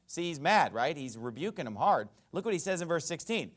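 Animated, slightly high male preacher. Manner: emphatic preaching with frequent "okay?" and "right?" tags; repeats and restarts words in quick bursts. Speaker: pastor. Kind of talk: sermon.

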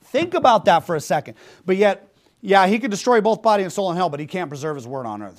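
A man's voice: sits high, lively intonation, quick pace. A man preaching a sermon in an emphatic, mocking way, often repeating rhetorical questions.

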